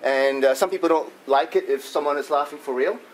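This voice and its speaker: A man with a fairly high, brisk voice playfully leads a laughter club workshop, breaking into laughs as he demonstrates the exercises to a room full of people in a conference room. The recording is echoey, with the mic far off and audience noise.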